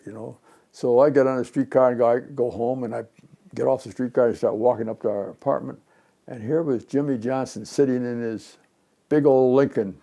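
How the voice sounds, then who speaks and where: A man in his nineties from Chicago, an interviewee and retired pinball designer telling memories in a rambling, animated way, acting out the voices of people in his stories. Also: medium pitch, moderate pace, gravelly. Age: 90s. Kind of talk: reminiscing storytelling.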